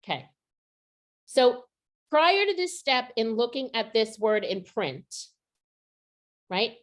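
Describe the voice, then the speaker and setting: A woman runs a teacher training over a video call. She walks through each step slowly and keeps turning questions back to the group. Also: fairly high pitch, very animated. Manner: explaining step by step, asks questions. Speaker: literacy trainer.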